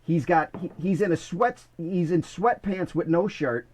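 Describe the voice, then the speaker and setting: A middle-aged man from the Bronx, a former corrections officer telling stories in an animated, casual way. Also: a little high, a little slow, husky, poor audio. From Bronx, New York. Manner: animated, many restarts, "I says". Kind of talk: casual storytelling.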